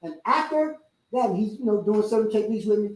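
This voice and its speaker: A middle-aged man, a martial arts instructor and host, telling stories in casual chat and acting out other people's lines loudly. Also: high-pitched, a little fast. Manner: animated, acts out quoted voices loudly. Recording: roomy sound from a distant mic.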